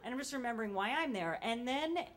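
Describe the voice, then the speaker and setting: A woman with a fairly high voice tells a true story on stage. Her delivery is casual and animated, with plenty of swearing. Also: quick pace, a little hiss or hum. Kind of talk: live first-person storytelling.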